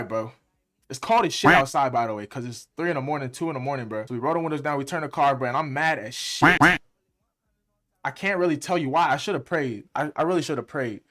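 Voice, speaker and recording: Fast-talking young man telling a story. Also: mid-range voice, fairly bright tone. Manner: fast, heated storytelling full of slang. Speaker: music producer and streamer. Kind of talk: casual storytime.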